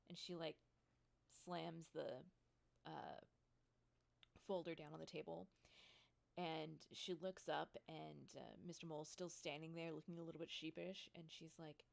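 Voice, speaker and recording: A woman narrating as game master of a tabletop role-play, relaxed, with many fillers. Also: low-pitched, moderate pace, vocal fry.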